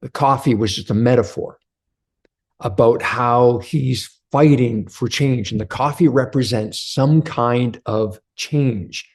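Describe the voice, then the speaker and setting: A man's voice: mid-range voice, slow, slightly rough. A man hosting an unscripted motivational video, speaking earnestly and leading affirmations. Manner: earnest, preachy, repeats affirmations. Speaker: motivational host.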